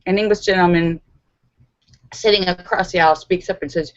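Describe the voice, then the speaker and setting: A woman's voice: on the low side, fairly even intonation, fairly quick, pauses often, dry recording. A woman hosting a live stream, reading out viewer jokes and laughing at the punchlines. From Los Angeles. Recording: dull, dry home recording.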